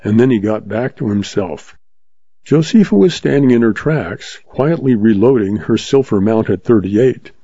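A man narrating a story in a steady audiobook reading. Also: fairly low pitch, measured pace, breathy edge, no room sound. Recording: slightly dull, dry recording.

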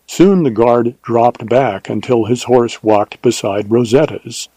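A man reading a Western novel aloud in a steady, even storytelling manner. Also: mid-range voice, slow pace, slightly rough, no room sound, low-quality recording. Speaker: narrator. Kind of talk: scripted audiobook narration.

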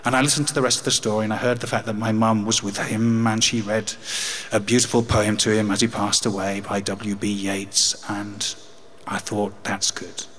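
A man's voice: fairly low pitch, level tone, normal speed, a bit bright. English guy in his 50s telling a story, dry wry humour, long hall echo. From England. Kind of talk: personal storytelling on stage.

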